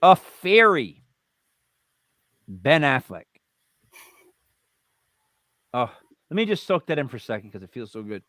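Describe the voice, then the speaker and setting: Animated, playful man co-hosting a live show. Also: mid-range voice, normal speed, no echo, clean studio sound. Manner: playful, jokey, rattles off names with emphatic bursts. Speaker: podcast co-host. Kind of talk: casual live-stream banter.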